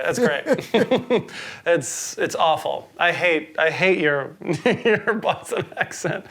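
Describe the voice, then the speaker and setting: A man co-hosting a casual movie review podcast, teasing his partner and laughing between quick opinions. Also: high-pitched, animated, a bit bright, faint music behind. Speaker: podcast co-host. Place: Boston.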